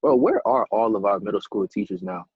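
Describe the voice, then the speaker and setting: A young man co-hosting a podcast, talking in a laid-back way that often trails off low. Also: fairly quick, husky, dry recording. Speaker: podcast co-host. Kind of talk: casual chat. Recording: dull lo-fi mic.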